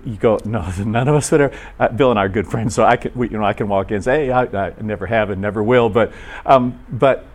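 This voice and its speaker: A man's voice: mid-range voice, darkish tone. Man giving a casual, chatty sermon. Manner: informal, asks the audience questions, acts out short voices. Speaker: preacher. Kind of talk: conversational sermon.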